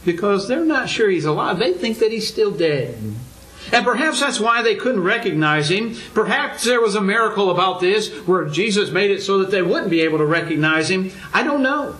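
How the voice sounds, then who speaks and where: An older male preacher delivering a sermon in a fairly high voice. He speaks earnestly and keeps asking his listeners rhetorical questions, often lifting his voice to press a point home. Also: animated, moderate pace, fairly bright tone, rough recording.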